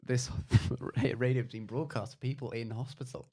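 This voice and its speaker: A man in his twenties, a podcast guest, telling a casual anecdote in an animated, rambling way with many fillers. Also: medium pitch, moderate pace, heavy background noise.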